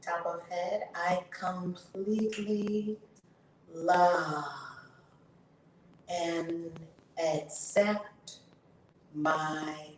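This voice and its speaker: Woman, guided tapping coach, drawn-out breathy affirmations, faint background noise. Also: lowish voice, little pitch movement. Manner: slow drawn-out chanted affirmations, breathy and emphatic. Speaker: YouTube host leading a tapping session. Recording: echoey room, distant mic, faint noise.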